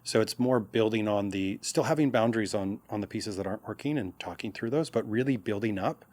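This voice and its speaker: A man's voice: fairly low pitch, brisk. A man speaking as a podcast guest and coach, talking casually and acting out little quoted reactions. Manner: animated, acts out quoted reactions. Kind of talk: casual conversational interview.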